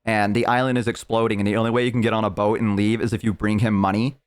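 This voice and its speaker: A man's voice: on the low side, little pitch movement, fast, smooth. A male streamer chatting casually, rambling on tangents as he tells a long story. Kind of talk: casual chat.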